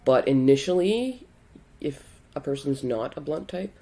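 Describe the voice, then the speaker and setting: A woman's voice: a bass voice, animated, a little slow, warm tone. A woman co-hosting a casual podcast chat, talking bluntly and frankly, with casual swearing. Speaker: podcast co-host.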